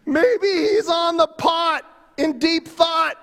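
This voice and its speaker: A man voicing a bold male prophet who mocks his rivals with gleeful shouted taunts. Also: high voice, a little slow. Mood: taunting. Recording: long hall reverb.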